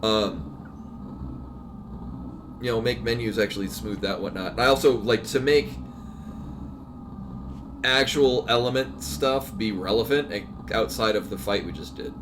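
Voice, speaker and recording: A man's voice: on the low side, a little slow, long pauses, noisy background. A man casually commenting while he streams a game, rambling and breaking off mid-thought. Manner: rambling, chatty, self-interrupting.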